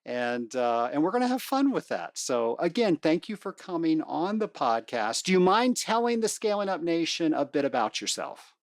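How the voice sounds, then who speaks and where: Woman podcast host, energetic and playful, lively pitch, dry close mic. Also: normal speed, hardly any pauses, dry recording. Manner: upbeat, playful, swings in pitch.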